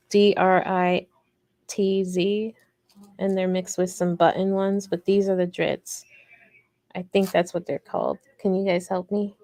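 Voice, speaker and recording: A woman's voice: fairly low pitch, vocal fry, warm tone. A woman hosting a casual livestream crochet tutorial, chatty and rambling, talking directly to her viewers.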